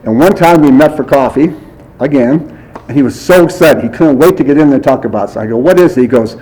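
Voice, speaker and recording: A man's voice: medium pitch, fast, warm tone, rough recording. A man giving a eulogy for a friend at a memorial service, telling anecdotes in a chatty way, acting out bits of dialogue and chuckling often. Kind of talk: memorial speech, anecdotal storytelling.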